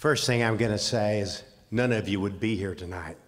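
A man's voice: lowish voice, a little fast. Older Southern man telling a story. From Southern United States. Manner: plainspoken, folksy storytelling. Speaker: award recipient speaking for his wife. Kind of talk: speech at an awards ceremony. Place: large convention hall. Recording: reverberant hall sound.

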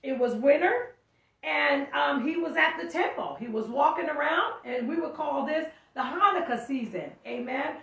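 High-voiced woman preaching in an echoey room. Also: animated, creaky, fairly bright tone. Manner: reads scripture aloud and pauses to explain, often calling out. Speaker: teacher. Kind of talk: sermon. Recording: echoey room, mic far off.

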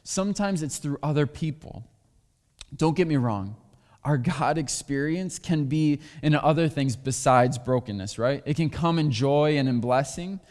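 A pastor preaching in a reverberant hall. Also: male voice, fairly high pitch, measured pace, a little mellow. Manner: candid, personal storytelling. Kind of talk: sermon. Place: church sanctuary.

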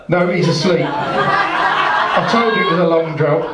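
A man's voice: fairly high pitch, normal speed, very noisy. A man telling a long joke on a club stage, rambling, restarting and chuckling as he goes. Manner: rambling, self-interrupting, chuckling. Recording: roomy, distant, dull live club sound.

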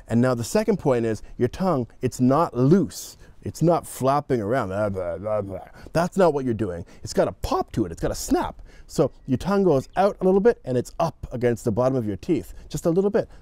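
A man teaching English pronunciation to a class, saying each word slowly and over again for the students to repeat. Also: on the high side, dark tone, dry recording. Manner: slow, drilled repetition of words.

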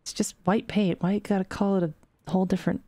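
A woman's voice: medium pitch, flat delivery, a little fast, mellow, no room sound. A young woman streaming a game, chatting playfully and slipping into a joking mock French accent. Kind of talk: casual gameplay commentary.

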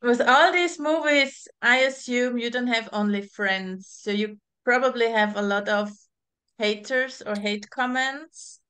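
Bright, clear-voiced woman interviewer. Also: a little high. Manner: halting, restarts while searching for words. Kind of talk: casual interview.

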